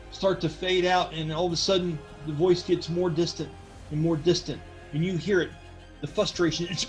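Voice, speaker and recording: رجل بصوت مرتفع يدير لعبة أدوار. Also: male voice, on the high side, fairly even intonation, moderate pace, faint music behind, rough recording. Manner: loose and joking, with frequent fillers. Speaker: game master. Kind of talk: narrating a tabletop game.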